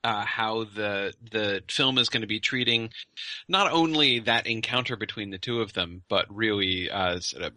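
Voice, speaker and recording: Bright-toned man explaining, dry close mic. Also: lowish voice, no echo. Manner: halting, many restarts, professorial explaining. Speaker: podcast co-host and lecturer. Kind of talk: casual scholarly discussion.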